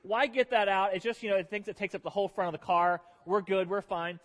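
A man preaching a sermon, telling a funny story about himself in an animated, self-deprecating way to his church congregation. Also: sits high, quick pace. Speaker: pastor. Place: church sanctuary. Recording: long reverb of a large hall.

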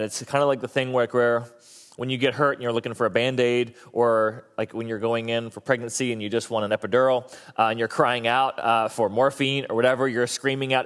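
A male pastor preaching a sermon, an animated storyteller who slips into high comic voices when quoting. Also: a little fast. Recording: long reverb of a large hall.

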